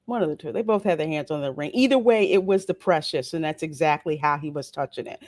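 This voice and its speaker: Woman host, low-pitched, dry close sound; relaxed, playful chat-style reviewer answering comments. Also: fast, dry recording. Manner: chatty, reads viewer comments aloud and answers them; relaxed and playful, with frequent asides. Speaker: host of a show review channel. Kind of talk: casual solo livestream review.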